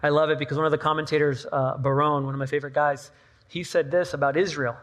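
A man's voice: on the high side, little pitch movement, fast talker, fairly bright tone. A man preaching a sermon at a church service, talking conversationally with playful asides and repeated phrases. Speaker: pastor. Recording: long reverb of a large hall.

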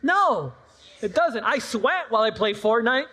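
A man's voice: very high-pitched, very animated, measured pace, bright, forceful tone, slight background noise. A man preaching a sermon at a church service, talking conversationally with playful asides and repeated phrases. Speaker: pastor. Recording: long reverb of a large hall.

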